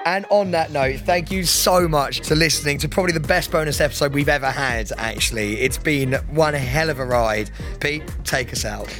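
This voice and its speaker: Excitable, teasing man with a higher voice. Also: music in the background. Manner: excitable, laughing, quick to tease. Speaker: podcast co-host. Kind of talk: casual podcast chat.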